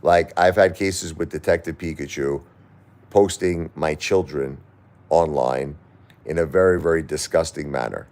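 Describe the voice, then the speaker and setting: A middle-aged man on a live stream, talking through grief and reading viewer comments, halting and repeating himself, at times crying. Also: very deep voice, a little mellow. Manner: halting, repeats words, grief-stricken and pleading. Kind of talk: emotional live-stream talk.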